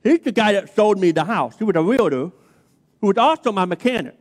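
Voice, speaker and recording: A high-pitched man preaching a sermon, his voice ringing out with a long reverb in a big church sanctuary. He chats through a story, keeps checking in with the crowd with "okay?", then leans into emphatic preaching. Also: animated, a little fast. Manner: chatty storytelling, checks in with "okay?" and "all right?". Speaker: pastor. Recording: long reverb of a large hall.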